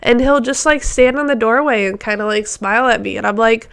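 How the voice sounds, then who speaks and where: A woman with a fairly high voice hosts her own podcast from a home office, chatting in a loose, rambling way. Her voice is smooth and clear but stuffy and nasal from a cold, and she runs a bit short of breath. The sound is dry and close, with no room echo. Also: fairly quick, few pauses, fairly bright tone. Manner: chatty and rambling, many fillers. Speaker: podcast host and fitness coach. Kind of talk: casual solo podcast chat.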